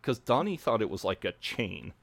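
A man, co-hosting a casual podcast chat, laid-back and quick to swear and laugh. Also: fairly low pitch, sing-song, gravelly, dry recording. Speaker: podcast co-host. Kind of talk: casual chat recapping a TV episode.

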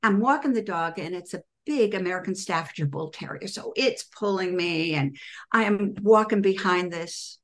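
A middle-aged woman, a composer, telling personal stories in an interview and acting out her own past words with lively emphasis. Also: lowish voice, moderate pace. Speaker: composer and author, guest. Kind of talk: conversational interview storytelling.

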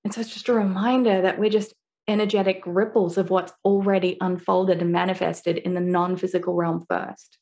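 A woman author, a guest on a podcast interview, telling personal stories in an animated way and laughing often. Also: fairly low pitch, fairly quick. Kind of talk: conversational interview.

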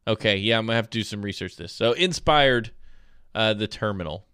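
A man chats loosely on his stream, rambling from one story to the next. His pitch swings widely as he talks. The sound is dry and close. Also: expressive, fairly quick, pushed and bright, smooth, dry recording. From South Alabama. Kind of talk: casual chat.

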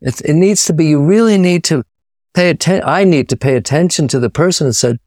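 A man's voice: on the high side, brisk, a little mellow, no room sound, studio quality. A man from New York, speaking as an author and guest in a casual interview, reflective, with frequent restarts. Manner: reflective, many restarts and repetitions.

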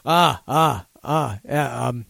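A man voicing a rowdy, forgetful drunk Australian bloke who stammers and rambles loudly. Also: medium pitch, slow pace, creaky, no room sound, clean studio sound, exaggerated voice.

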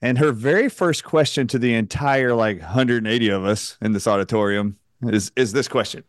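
A male radio host telling an animated anecdote, acting out the voices of the people in it, with a joking, outspoken manner. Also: mid-range voice, moderate pace, no room sound, clean studio sound. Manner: animated anecdote-teller who acts out quotes. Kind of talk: storytelling on a radio talk show.

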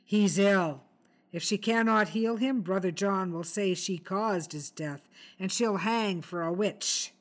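A woman's voice: mid-range voice, slow, natural voice. A wounded young servant in an old-world storybook tale gasps out his answers in fear, breathless and pleading, as a woman reader puts him on. He sounds helpless and eager to be believed, never wishing anyone harm. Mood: frightened. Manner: gasping, breathless replies. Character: injured young male servant, frightened and pleading.

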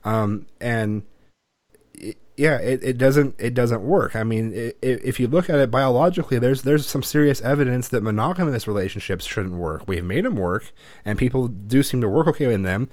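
A man's voice: mid-range voice, lively intonation, moderate pace, a little mellow, no room sound, studio quality. A man in his thirties hosting a podcast, talking bluntly and profanely in casual chat, rambling with restarts. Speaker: podcast host.

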